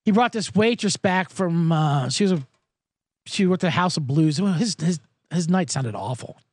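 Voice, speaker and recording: A man's voice: fairly high pitch, animated, moderate pace, a little mellow, no echo, studio quality. A male podcast host telling a profane, sarcastic comedic story and acting out the people in it. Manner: profane, sarcastic, acts out quoted voices.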